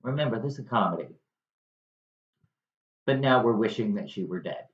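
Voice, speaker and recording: A man's voice: lowish voice, expressive, normal speed. A man casually retelling a play's plot in a joking, filler-heavy way. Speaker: storyteller retelling a play. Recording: dull echoey room recording.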